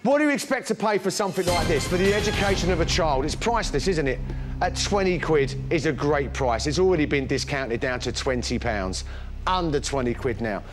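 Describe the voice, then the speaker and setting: Shopping channel host, British man, high voice, chatty and enthusiastic sales patter, faint music behind. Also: lively intonation, brisk. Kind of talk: live product demonstration sales pitch.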